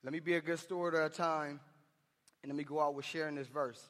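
A man's voice: fairly high pitch, steady tone, quick pace, fairly bright tone, in a large hall. A man preaching a sermon to men in a church, impassioned and conversational, with slangy asides. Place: church hall.

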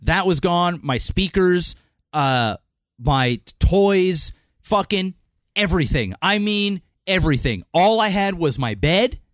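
A man's voice: sits high, animated, takes it slowly, a bit bright, no room sound, clean studio sound. A young man and podcast co-host telling a childhood story in casual chat. He swears freely and slips into voices when he quotes people.

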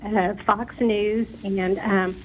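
A woman from Texas calling into a radio show, hesitant and halting, losing her voice. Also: mid-range voice, fairly even intonation, slight background noise, rough recording. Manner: hesitant, halting, many fillers. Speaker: caller.

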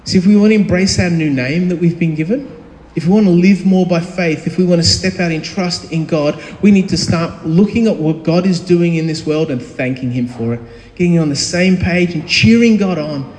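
A man in his thirties preaches a casual, conversational sermon, stopping often with ums and restarts. His voice sits high for a man. The sound carries long reverb from a large, echoey hall. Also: normal speed, darkish tone. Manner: conversational, with frequent fillers and restarts. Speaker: pastor. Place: church hall.

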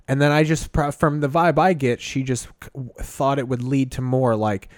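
Male host, mid pitch, dry close mic, sardonic and profane. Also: fairly even intonation, moderate pace, dry recording. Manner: sardonic, profane, reads out trivia. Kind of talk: casual podcast banter.

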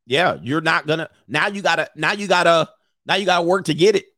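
A man's voice: a little high, a little fast, pushed and bright, dry recording, studio quality. A middle-aged man hosting a casual stream, reading viewer comments and giving blunt, rambling opinions.

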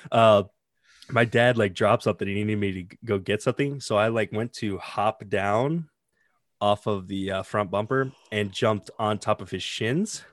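Low-voiced man telling a rambling story. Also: moderate pace, no echo. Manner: rambling storyteller, frequent "like" fillers. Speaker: podcast co-host. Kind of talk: casual chat.

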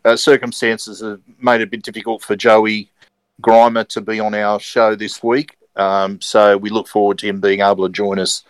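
A man's voice: lowish voice, flat delivery, normal speed, smooth, no echo, poor audio. A man co-hosting a sports podcast, talking hesitantly and picking his words carefully. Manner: hesitant, many fillers and restarts, careful wording. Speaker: podcast co-host. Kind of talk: casual sports podcast chat.

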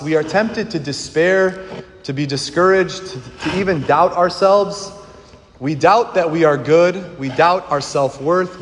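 A man giving an earnest sermon as a priest, asking the congregation questions and leading them in a response. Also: a little high. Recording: long hall reverb with clear background noise.

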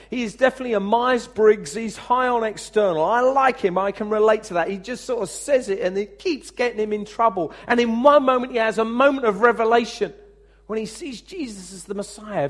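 A man preaching a sermon as pastor, talking conversationally, asking the congregation questions, and acting out the speech he quotes. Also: high voice. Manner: lively, acts out quoted speech.

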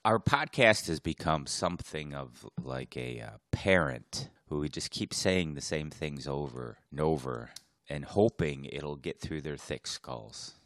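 A man's voice: rumbling low, measured pace, a bit bright, no echo, studio quality. A man co-hosting a podcast in casual chat, wisecracking and laughing often. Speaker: podcast co-host.

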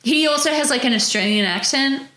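A woman's voice: high voice, a little fast, fairly bright tone. A woman co-hosting a podcast, casually recapping a film with lots of fillers. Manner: chatty, filler-heavy retelling. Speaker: podcast co-host. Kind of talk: casual movie recap chat. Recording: echoey room.

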